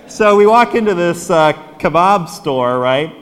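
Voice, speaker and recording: A man with an American accent, a priest giving a homily, an animated storyteller who acts out quotes and laughs often. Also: high voice, measured pace, long reverb tail. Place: church.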